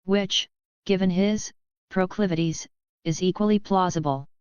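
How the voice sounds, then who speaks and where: A woman voicing a gentle, formal, learned man in a storybook reading, with a dry, slightly dull recording. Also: on the low side, unhurried, clear, resonant tone, no room sound, close to an everyday voice. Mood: measured. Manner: elegant, formal.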